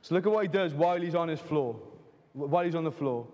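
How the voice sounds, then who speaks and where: A man's voice: on the high side, quick pace, warm tone. A man, preaching a sermon in a frank, conversational way with jokes and asides. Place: church hall. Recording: reverberant church hall.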